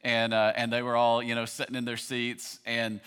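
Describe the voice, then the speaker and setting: A man's voice: medium pitch, monotone, moderate pace, a bit bright, clear, resonant tone. A man in his thirties preaching a sermon as a pastor, conversational and building to passionate emphasis.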